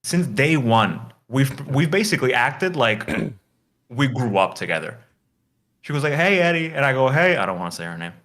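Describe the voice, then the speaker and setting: A man of ordinary, middle pitch telling a story in relaxed chat. He rambles, leans on filler words and curses casually as he goes. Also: moderate pace. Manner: rambling, heavy on filler words, swears freely.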